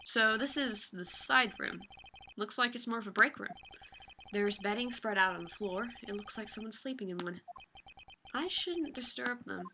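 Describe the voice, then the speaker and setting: A woman's voice: medium pitch, moderate pace, background noise. A woman hosting a let's play, reading game text aloud with playful, sarcastic asides and casual swearing.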